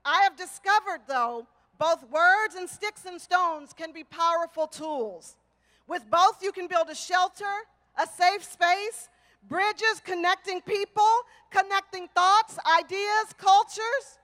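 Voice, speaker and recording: Rousing high-voiced woman at a rally. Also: takes it slowly, a bit bright. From Texas, United States. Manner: rousing, rhythmic repetition with crowd chants. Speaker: rally speaker. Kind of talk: rally speech with call and response. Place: outdoor rally before a large crowd.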